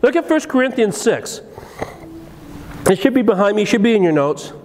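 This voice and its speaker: Pastor guy preaching, high voice, chatty storytelling, lots of restarts, echoing church hall. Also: normal speed. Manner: animated, conversational storytelling with restarts. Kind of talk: sermon. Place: church sanctuary. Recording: long reverb of a church hall.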